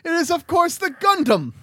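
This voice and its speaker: Man doing a loud, high, pompous fake-British sleuth, yelled. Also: lively intonation, slow pace, dry recording, clean studio sound. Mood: pompous shouting. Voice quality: yelling, exaggerated pompous delivery. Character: shouting mock-British detective, adult man.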